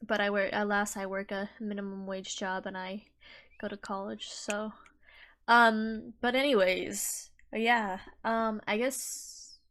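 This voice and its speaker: A woman's voice: mid-range voice, flat delivery, takes it slowly, fairly bright tone. A young adult woman co-hosting a podcast in casual chat, rambling with many restarts and a giggly manner. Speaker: podcast co-host.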